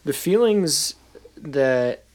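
Co-host, slow and deliberate, hesitant and reflective, lots of "um" and "like". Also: mid-range voice, lively intonation, darkish tone. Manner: thoughtful, hesitant, many fillers. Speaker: podcast co-host. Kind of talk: casual podcast chat.

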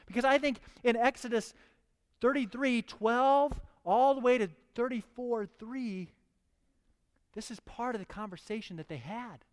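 In a big-sounding room, a man with an extremely high voice preaches slightly slowly. He starts by reading scripture, then builds in fervor as he presses his listeners with questions.

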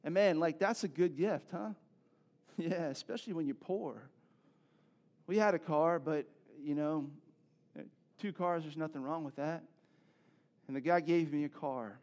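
A man, preaching a sermon in a conversational, animated storytelling way with asides to the congregation. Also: fairly high pitch, unhurried, long pauses. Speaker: pastor.

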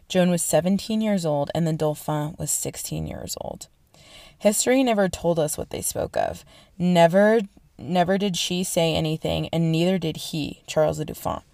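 A woman's voice: deep voice, creaky, dark tone, no echo. Profane, slangy woman storyteller. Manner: slangy, profane, lots of fillers. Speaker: podcast host. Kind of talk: casual storytelling chat.

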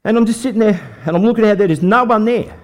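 A fast-talking older Australian man with a high voice relates a faith story in a folksy manner. He's a preacher giving a testimony sermon before a live church audience, engaging them with real energy.

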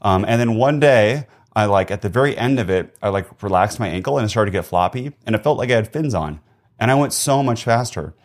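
Lively low-voiced man telling stories. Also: a little fast. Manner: animated storytelling, jumps in pitch. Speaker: podcast co-host. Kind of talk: casual chat.

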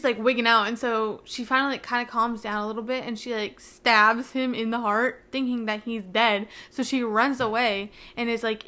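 A woman's voice: fairly high pitch, pushed and bright. A young woman hosting her own podcast, recapping a book in a rambling, gushing way full of "like.". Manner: rambling, gushing, heavy use of "like". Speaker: podcast host.

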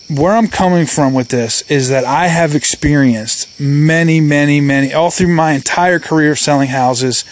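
A man, a real estate agent, telling a story in a casual monologue, chatty and animated. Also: fairly high pitch. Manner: chatty, many fillers and restarts, animated.

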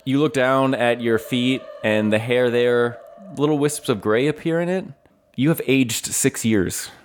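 A man's voice: medium pitch, a little slow, smooth. A man running a tabletop game as game master, narrating loosely with fillers and laughs.

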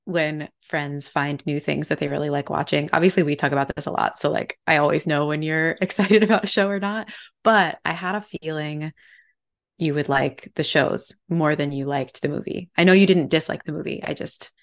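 A woman's voice: low-pitched, steady tone, normal speed, gravelly. A young woman co-hosting a podcast, chatting casually in an upbeat way with frequent laughs. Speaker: podcast co-host. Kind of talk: casual chat.

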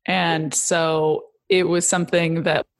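A woman hosting a casual conversation, chatty and animated, telling personal stories with plenty of "like" fillers. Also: low-pitched, takes it slowly, gravelly. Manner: chatty and animated, acts out quoted voices.

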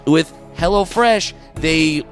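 A man's voice: on the high side, slow, soft background music. Teasing male podcast co-host. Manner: jokey, teasing. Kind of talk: casual podcast chat.

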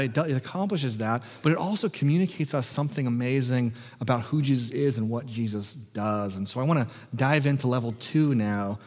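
An American man preaches in a relaxed, conversational way, cracking small jokes and restarting phrases as he goes. His pitch sits in a middle range for a man. The sermon echoes with a long reverb through a church sanctuary. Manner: conversational, jokey, frequent restarts. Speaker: pastor.

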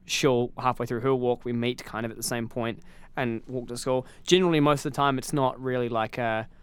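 A man's voice: medium pitch, fairly quick, smooth. Rambling, joking young man. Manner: rambling, joking, animated storytelling. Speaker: guest. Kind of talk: casual podcast chat. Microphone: studio mic.

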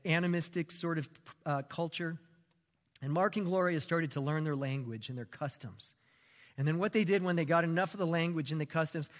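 A man preaching a sermon as a pastor, telling a story with animated, rising emphasis. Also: a little high, long reverb tail.

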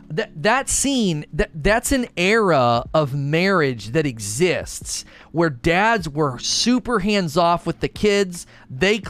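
A man in his thirties hosting a casual TV review chat, rambling with restarts and doing animated voices when retelling family moments. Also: on the high side. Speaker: show host reviewing TV.

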